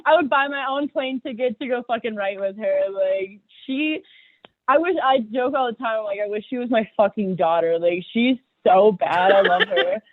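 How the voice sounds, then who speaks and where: A young woman rapper chatting casually as a podcast guest, excitable and profane, laughing often. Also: on the high side, normal speed, no room sound. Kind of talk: casual chat. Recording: dry tinny phone-like audio.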